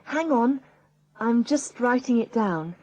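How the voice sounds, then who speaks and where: A woman's voice: a little high, expressive, takes it slowly, darkish tone. An actress playing a customer carefully checking her flight details, in a scripted textbook dialogue.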